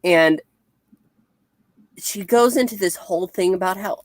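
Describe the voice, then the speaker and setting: A woman's voice: medium pitch, a little slow, pauses often, no echo. A woman co-hosting a comic review, chatting casually and hesitantly as she retells scenes. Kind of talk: casual chat.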